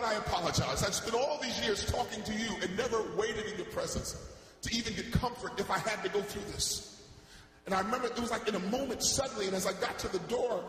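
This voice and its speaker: High-voiced man preaching in echoing church. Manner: passionate storytelling, swinging from soft to loud. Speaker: gospel singer giving testimony. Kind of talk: sermon testimony. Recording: echoey church hall, faint hum.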